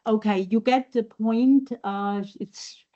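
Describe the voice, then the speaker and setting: Woman lecturer, academic seminar, slow measured delivery, mellow voice, muffled lo-fi recording. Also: a little high, fairly even intonation. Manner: measured, thoughtful, with frequent um and uh. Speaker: university lecturer. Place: university seminar room.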